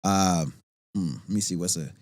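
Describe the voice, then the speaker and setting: A man from Nova Scotia, an actor guest on a podcast, talking in a rambling, animated way full of fillers. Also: deep voice, moderate pace, no echo. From Nova Scotia, Canada. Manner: animated, rambling with many fillers, laughs easily. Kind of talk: casual podcast conversation.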